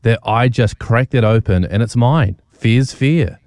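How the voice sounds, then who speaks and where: A man's voice: medium pitch, measured pace, a little mellow, no room sound. A man hosting a radio drive show, chatty and teasing as he trades jokes into a studio microphone. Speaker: radio host.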